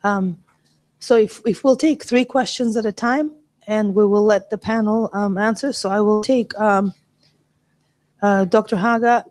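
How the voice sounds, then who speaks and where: A woman moderating a conference panel in a brisk, organized way, calling on speakers. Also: mid-range voice, steady tone, a little mellow.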